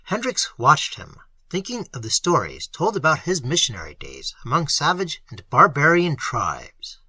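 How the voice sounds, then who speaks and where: Hoarse, expressive audiobook reader. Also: medium pitch, normal speed, no echo, poor audio. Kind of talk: audiobook narration.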